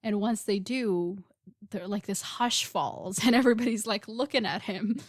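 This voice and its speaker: A woman's voice: medium pitch, no echo, clean studio sound. A woman co-hosting a podcast, casually recapping a book chapter and acting out bits of dialogue with little laughs. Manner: chatty recap with quick acted-out quotes and laughs. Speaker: podcast co-host.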